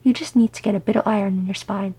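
A woman voicing a calm, confident male dwarf scribe. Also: mid-range voice, very fast, breathy edge, dry recording, poor audio.

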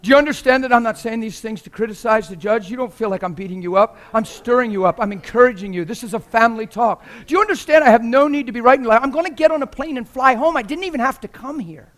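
A man preaching a sermon in an impassioned, exhorting manner that climbs into shouting. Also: extremely high pitch, fast talker, hardly any pauses.

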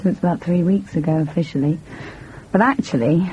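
Sarcastic young woman, husky and fairly low voice, sounds kinda dull and lo-fi. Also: fairly quick, slight background noise. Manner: sardonic, dry and sharp-tongued. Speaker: daughter character. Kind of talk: drama acting.

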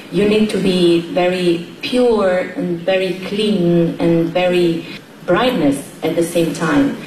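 A woman's voice: fairly low pitch, a little mellow, far from the mic, slight background noise. A woman singer giving an interview answer in a hesitant way, searching for her words. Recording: echoey room, voice from afar.

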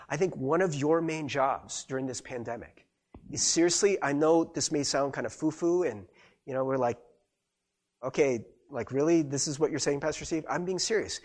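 Man, pastor, conversational sermon, husky voice, slightly high pitch, very expressive. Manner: conversational, animated, acts out quoted voices.

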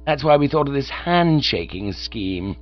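A chummy young English gentleman who smooths things over in breezy slang, as a male storyteller puts him on. His pitch is lively and well above the narration, and the recording is dull, with a steady hum underneath. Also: unhurried.

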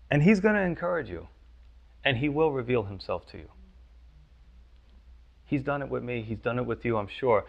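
Gravelly-voiced man preaching. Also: medium pitch, muffled recording. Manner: conversational, frequent "you know" and "right?". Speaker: pastor. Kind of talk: sermon.

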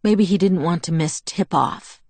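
A woman reading a novel aloud as narrator, in a steady, even storytelling manner. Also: fairly low pitch, a little slow, husky, no room sound. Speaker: audiobook narrator. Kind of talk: scripted narration.

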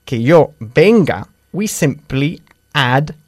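Lively male English teacher. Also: mid-range voice, slow pace, no echo, studio quality. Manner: lively, corrective, drills pronunciation. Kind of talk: language lesson drills.

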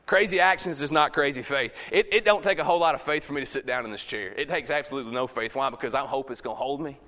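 A man, preaching a sermon as pastor. He swings from loud shouts to hushed asides. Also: medium pitch, expressive, rapid-fire, in a large hall. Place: church sanctuary.

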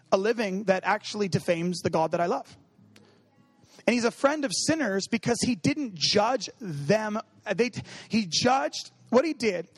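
Man, high voice, casual humorous sermon, chatty with fillers, dry close sound. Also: no echo. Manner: humorous, acts out quoted dialogue; conversational, many fillers like 'you know what I mean'. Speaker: preacher.

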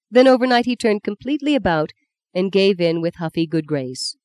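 Brief: steady novel narrator, mid-pitched, dry studio read. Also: clear, resonant tone, no echo. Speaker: audiobook narrator.

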